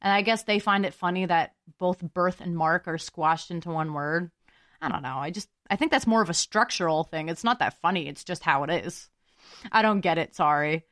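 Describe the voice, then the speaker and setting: A woman's voice: lowish voice, moderate pace, a bit bright, no room sound, clean studio sound. A young woman hosting a solo podcast, musing aloud in a chatty, giggly way. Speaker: podcast host.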